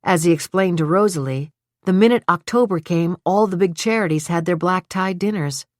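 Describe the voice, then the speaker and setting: A woman with a low, grounded voice reads a suspense novel aloud in a measured, steady way. Her voice is dry and close, with no room around it, and she gives the characters' lines their own colour. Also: no echo. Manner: even, measured storytelling with voiced dialogue. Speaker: audiobook narrator. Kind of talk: scripted narration.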